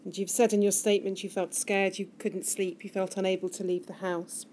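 A woman questioning a witness at a formal hearing, in a measured, gentle way. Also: medium pitch, flat delivery, slight background noise. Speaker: inquiry counsel questioning a witness. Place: hearing room.

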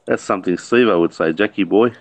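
A man's voice: low-pitched, fast talker, vocal fry, a little hiss or hum. A man from Australia with an Australian accent, bantering easily in a casual group live chat. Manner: easygoing, banters, says "mate".

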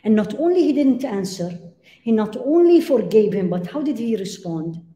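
A woman's voice: on the high side, animated, moderate pace, dark tone. Emphatic woman lecturing in an echoey room. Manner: emphatic, rhetorical questions, cites Arabic phrases. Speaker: Islamic lecturer. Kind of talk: religious lecture to a live audience.

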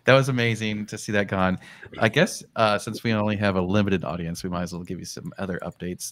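A man's voice: lowish voice, fairly even intonation, fairly quick, a bit bright. A young man hosting a casual group chat on a livestream from a home studio, laid-back and rambling, laughing often. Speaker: show host.

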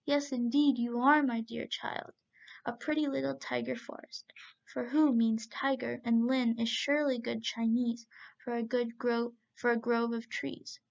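A woman reading the lines of a gentle young man who speaks in a soothing, earnest way in a storybook tale. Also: a little high, flat delivery, unhurried, gravelly. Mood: kindly. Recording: muffled lo-fi recording.

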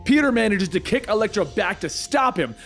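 A man narrating a comic book story in brisk recap style. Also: sits high, sing-song, a bit bright, soft background music.

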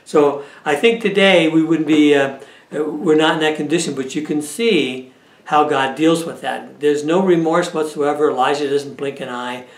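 A man's voice: a little high, normal speed. A man teaching a Bible study lesson in a conversational way, often checking in with his listeners. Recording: echoey room.

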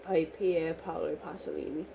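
A woman with a hoarse voice, gushing excitedly and emotionally in a casual unboxing vlog. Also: low voice, normal speed, background noise. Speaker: vlogger.

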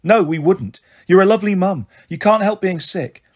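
A man's voice: high voice, animated, normal speed, darkish tone, husky, pitched above the performer's own voice. Man reading as a brave anxious girl. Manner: pleading, reassuring. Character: brave, anxious girl caring for her family.

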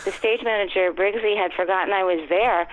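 A woman in her fifties, a guest actress, telling stories in a chatty, animated way and acting out quoted lines. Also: mid-range voice, fairly quick, slight background noise. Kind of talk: casual interview storytelling. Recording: tinny phone line.

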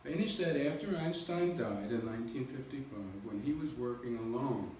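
This man's voice is medium-pitched, expressive and somewhat dark, moving at a moderate pace as he lectures publicly, going step by step through slides with jokes at his own expense. The audio comes from afar in an echoey hall, with slight background noise.

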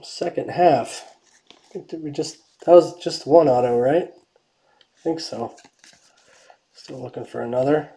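A woman hosting a trading card break, giving casual running commentary and dropping to quiet mutters while she checks cards. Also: extremely low pitch, slow, long pauses.

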